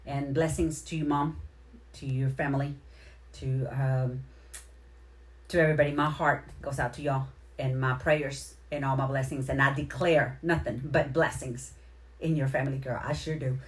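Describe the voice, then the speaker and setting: A woman with a deep, low-pitched voice hosts a casual livestream. She rambles warmly through shout-outs to her viewers and thanks them over and over. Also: fairly even intonation, moderate pace. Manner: heartfelt, near tears at moments. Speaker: livestream host.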